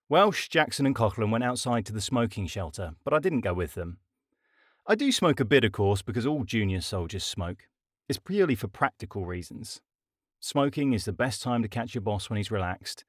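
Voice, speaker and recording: Wry male audiobook narrator, low voice. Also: no echo, clean studio sound. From Britain. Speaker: author and narrator.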